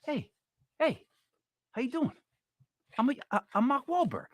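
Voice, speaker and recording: A man's voice: very high voice, wildly swooping pitch, measured pace, no echo, voice pushed up, heavily acted. A man putting on a swaggering, chummy tough-guy voice for a male unicorn in a celebrity impression. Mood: cocky.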